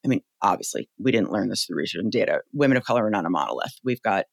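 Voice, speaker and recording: A woman in her forties with a very deep voice, telling stories as a guest in an animated, emphatic, casual way. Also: racing, gravelly, dry recording. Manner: animated, emphatic, salty storytelling with "like" fillers. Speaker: podcast guest, company founder. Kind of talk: casual interview chat.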